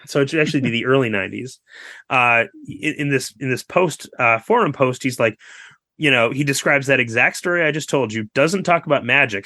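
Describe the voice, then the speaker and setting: A man talks through a story as a podcast guest, piling on asides and quick fillers. His voice is bright and forceful, recorded dry and close with no room sound. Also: mid-range voice, no echo. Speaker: guest author. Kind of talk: casual podcast interview.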